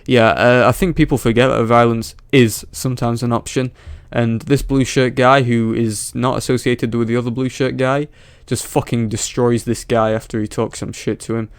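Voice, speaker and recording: A man delivers swearing, mocking commentary on a viral clip in a flat, monotone voice. His voice is smooth and clear. It is recorded close to the mic in a dry room. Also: medium pitch, normal speed, hardly any pauses, no room sound. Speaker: reaction video commentator. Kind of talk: sarcastic reaction commentary.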